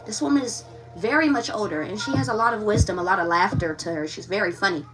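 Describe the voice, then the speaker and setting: A woman's voice: mid-range voice, fast, far from the mic, over music. A woman giving a live tarot reading, talking frankly and with animation straight to her viewers. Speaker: tarot reader.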